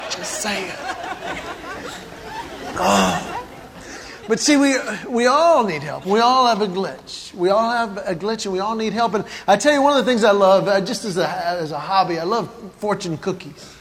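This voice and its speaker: Guy with a pretty high voice doing stand-up, tells stories n chuckles at his own bits, long hall echo. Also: animated, fairly quick, a faint crowd. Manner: storytelling with quoted dialogue, chuckling at own jokes. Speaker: comedian. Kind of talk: stand-up comedy routine. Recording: long hall reverb, faint ambient noise.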